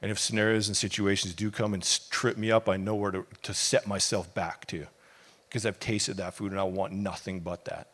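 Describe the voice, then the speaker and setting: A man's voice: low-pitched, level tone, brisk, a bit bright. A middle-aged man, a pastor, preaching a sermon with impassioned, conversational delivery and casual asides.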